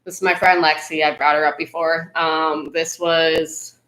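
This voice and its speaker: A woman's voice: low voice, little pitch movement, unhurried, fairly bright tone. A woman co-hosting a podcast, telling a story in an easygoing, chatty way with filler words. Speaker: podcast co-host. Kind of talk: casual storytelling chat. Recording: echoey room.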